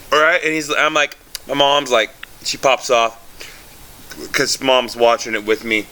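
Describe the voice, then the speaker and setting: Excitable, bright-voiced man telling stories. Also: mid-range voice, measured pace. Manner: excitable storyteller, swears, many fillers. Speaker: co-host. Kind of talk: casual chat.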